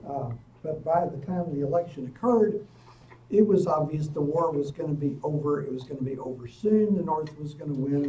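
Man, professor, history lecture, lively storyteller with asides, mellow voice, echoey lecture room. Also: a little high, moderate pace, highs cut off. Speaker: professor giving a public lecture. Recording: echoey room, distant mic, faint noise.

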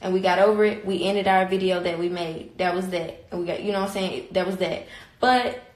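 A woman's voice: lowish voice, steady tone, brisk, darkish tone, reverberant, low-quality recording. A young woman on a phone live stream, talking in a heated, blunt and repetitive way, with frequent swearing. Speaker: livestreamer. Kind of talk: casual livestream rant.

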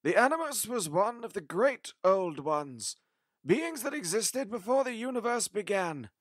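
A man's voice: high-pitched, very animated, measured pace, a bit bright, husky, no room sound, studio quality, heavily acted. A man playing the Doctor, grave and weary. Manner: grave, emphatic. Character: the Doctor, weary grave old time-traveller. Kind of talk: audio drama acting.

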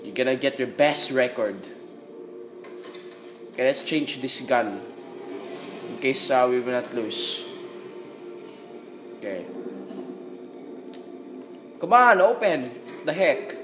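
A man giving casual gameplay commentary, talking to himself and breaking into excited exclamations. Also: mid-range voice, takes it slowly, long pauses, low-quality recording. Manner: excitable, frequent exclamations and yelps; talks to himself while playing.

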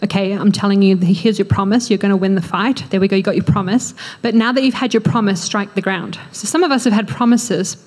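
An Australian woman preaching a sermon in a church, acting out quoted prayers with animated energy. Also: medium pitch, brisk, hardly any pauses. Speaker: pastor. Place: church hall.

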